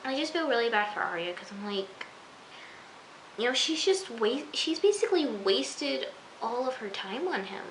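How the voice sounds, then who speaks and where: A woman's voice: on the high side, expressive, normal speed. A young woman reviewing a TV episode in a casual, gushing way, chatty and full of fillers. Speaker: TV recap vlogger. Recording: echoey room with faint hiss.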